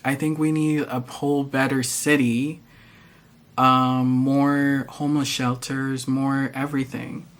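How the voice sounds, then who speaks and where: A man's voice: medium pitch, little pitch movement, slow. A man ranting to camera in a vlog, exasperated, profane and sassy. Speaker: vlogger. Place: Toronto.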